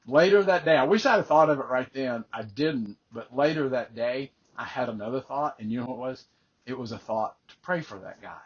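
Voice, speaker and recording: A man's voice: medium pitch, normal speed, breathy edge, highs cut off. An older man, a life coach, earnestly telling a personal faith story and often repeating words as he starts a phrase.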